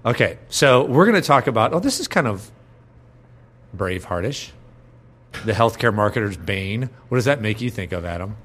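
A man's voice: lowish voice, big pitch swings, moderate pace, a bit bright, slight background noise. A man hosting a podcast in casual chat, joking and rambling, laughing often. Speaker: podcast host, agency president.

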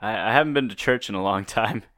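A man's voice: fairly low pitch, fast talker, fairly bright tone. A young man in casual podcast banter, laughing easily and reacting with short quips. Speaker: podcast co-host.

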